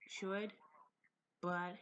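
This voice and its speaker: A young woman talks through her fear during a phone horror game, pleading and often lowering to a whisper. Her mid-range, fairly bright voice stays level with drawn-out words, and the phone or laptop mic adds a little hiss or hum.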